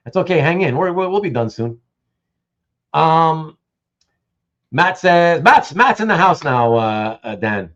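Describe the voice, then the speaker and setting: A Canadian man hosts a casual live stream with a lively, swooping voice that sits a bit high. He tells stories in an animated way and restarts his words often. The audio is dull and lo-fi. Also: unhurried, pauses often. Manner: animated storyteller, many restarts. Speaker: host. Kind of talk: casual livestream chat.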